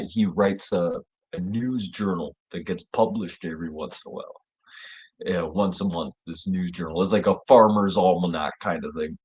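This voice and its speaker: A man, hosting his own show and telling a story in a rambling, profane way, laughing and jumping high in pitch when he gets worked up. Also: slightly rough. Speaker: show host. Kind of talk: casual storytelling monologue.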